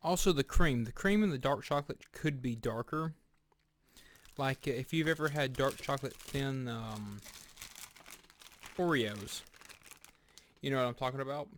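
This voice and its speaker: A man giving a casual snack review, speaking deliberately and pausing often with fillers and restarts. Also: medium pitch, a bit bright, a little hiss or hum. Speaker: food reviewer. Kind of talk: casual product review vlog.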